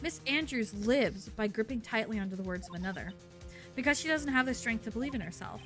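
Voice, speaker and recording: A woman reads out a composed young male prosecutor who lectures the court in cool, cutting sentences. He sounds bright and lively in pitch. Faint game music plays behind him. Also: brisk. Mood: lecturing. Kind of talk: fan voice-over of a game's dialogue.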